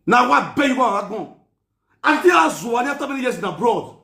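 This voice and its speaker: A man with a very high voice rants at length, scolding and mocking as he mixes Pidgin and Yoruba. He often breaks into shouting. His voice rings in an echoey room. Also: very animated, brisk, gravelly. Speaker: commentator. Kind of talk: ranting commentary.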